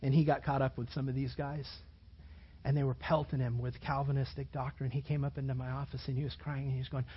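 A man preaching a sermon as a pastor, telling stories in an animated way, repeating phrases and acting out what people said. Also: mid-range voice, fast, dull audio, a little hiss or hum. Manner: animated storytelling, repeats phrases and acts out quotes.

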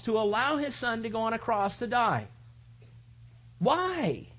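Husky impassioned preacher, lo-fi sound. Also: medium pitch. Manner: impassioned, rhetorical questions, swings from loud to hushed. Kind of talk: sermon.

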